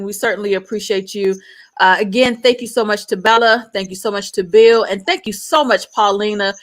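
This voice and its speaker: A middle-aged woman co-hosting an online show, lively, excitable and playful, in casual chat. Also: mid-range voice. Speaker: co-host.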